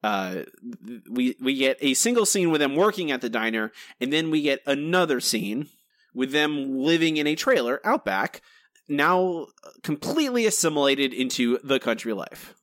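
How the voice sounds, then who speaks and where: A man's voice: mid-range voice, big pitch swings, normal speed, fairly bright tone, no room sound, clean studio sound. A man co-hosting a podcast, talking in an exasperated, rambling way with frequent restarts. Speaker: podcast co-host. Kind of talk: casual review chat.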